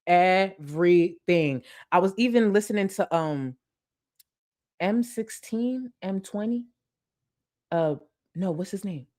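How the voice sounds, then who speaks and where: A woman YouTuber giving blunt, profane casual commentary who sometimes bursts into excited shouting. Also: on the low side, takes it slowly, pauses often.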